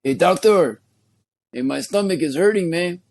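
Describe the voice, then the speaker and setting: A man's voice: high-pitched, animated, moderate pace, noisy background, pitched above the performer's own voice. A man voicing a swaggering, cocky Mexican street guy with a Mexican accent, tough and drawling. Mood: indignant. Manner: tough, drawling, says "Holmes".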